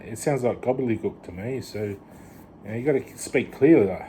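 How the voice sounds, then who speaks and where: A man rambles through a casual vlog monologue, restarting his sentences and dropping in "you know". His voice sits low and mellow. Faint background noise runs underneath. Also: lively intonation, brisk. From Australia. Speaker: vlogger.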